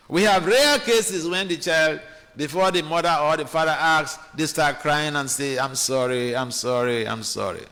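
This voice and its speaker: A man giving a sermon, his high voice swooping animatedly as he acts out quoted voices. His bright tone rings through a temple hall with long reverb, and he halts often to restart a phrase. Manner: halting with restarts. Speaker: speaker giving a scripture class.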